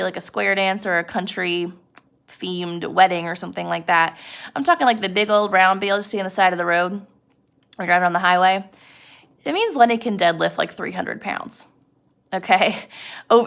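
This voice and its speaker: A young woman explaining a novel in a loose, conversational way, often speaking straight to the listener. Her voice carries a noticeable gravelly fry. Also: mid-range voice, a bit bright. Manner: chatty, uses many fillers, addresses listener directly. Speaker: teacher. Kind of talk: casual literature lesson.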